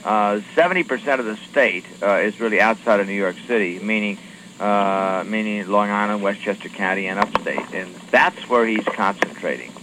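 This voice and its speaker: A man, a congressman, answering questions from radio reporters in a halting way, with many fillers and restarts. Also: on the low side, background noise. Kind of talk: radio call-in interview.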